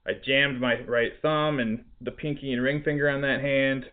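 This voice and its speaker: A man's voice: mid-range voice, fairly even intonation, normal speed, smooth. Male podcast host, laughing, exasperated storyteller; narrow lo-fi sound. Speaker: restaurant cook. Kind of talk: casual storytelling chat. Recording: tinny phone-like audio.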